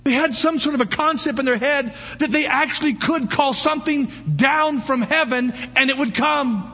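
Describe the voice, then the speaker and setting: An older male pastor delivers a sermon in a husky, breathy voice that sits high for a man. He swings widely in pitch, throwing out one rhetorical question after another and bursting into animated shouts.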